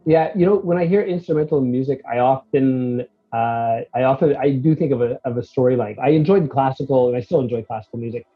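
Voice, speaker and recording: Man, middle pitch, rambling casual talker, slightly lo-fi sound. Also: fairly quick, hardly any pauses, faint music behind. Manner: rambling and animated, restarts, acts out his reactions. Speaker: guest reviewing a music track. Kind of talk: casual chat.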